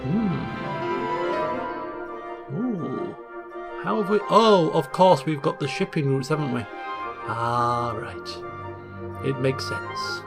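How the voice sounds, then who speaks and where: A man hosting a let's play, reading game text aloud with theatrical, chuckling commentary and hushed asides. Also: on the high side, slow, long pauses, loud music behind the voice. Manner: theatrical, chuckling, swings between hushed asides and loud exclaims.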